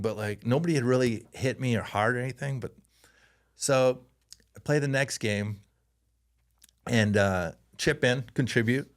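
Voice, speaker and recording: This man is a Canadian who used to play hockey, and he's recounting stories in an easygoing interview. His mid-range voice moves at normal speed with frequent pauses, and he laughs often while animatedly doing voices.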